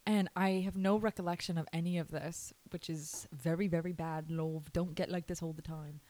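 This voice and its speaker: A woman's voice: fairly low pitch, steady tone, moderate pace, mellow, no room sound, rough recording. A young adult woman co-hosting a podcast, blunt and chatty, swearing freely and laughing a lot. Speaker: podcast co-host. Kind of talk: casual chat.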